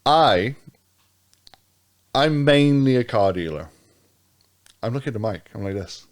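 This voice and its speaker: An Australian-born man, talking as a guest on a casual podcast. He rambles, restarts his sentences and swears constantly, in a voice of ordinary middle pitch. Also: lively intonation, a little slow. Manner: rambling, sweary, laughs a lot, restarts often. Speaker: podcast guest, car dealer. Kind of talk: casual chat.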